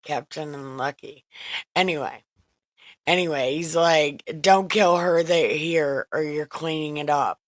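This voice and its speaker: Retelling Bible stories in a profane, wisecracking, casual way, a female host speaks in a voice that sits low yet sounds a bit bright. The makeshift home recording has no echo.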